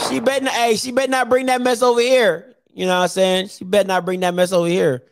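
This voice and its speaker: A man's voice: very high-pitched, moderate pace. A man hosting his own YouTube show, chatting casually and teasing viewers, with lots of fillers. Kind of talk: casual live-stream talk.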